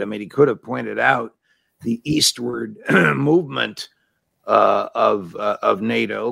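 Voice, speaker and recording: A man's voice: mid-range voice, gravelly, bright, forceful tone, no room sound. A man hosting an interview, asking wry, point-by-point questions of his guest. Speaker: talk show host.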